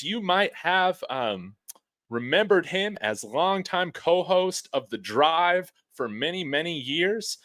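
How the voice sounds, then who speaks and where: Man, sports podcast host, fairly high voice, dry bedroom sound, eager and stammery. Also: animated, a bit bright, dry recording. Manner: eager, stammers when talking fast. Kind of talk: casual sports chat. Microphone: home setup in his bedroom.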